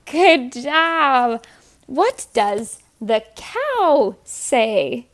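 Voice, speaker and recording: A woman's voice: sits high, sing-song, drawn-out words. A young woman leading children's story time, coaxing little ones to repeat simple words and sounding them out letter by letter in a sing-song way. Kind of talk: teaching toddlers words.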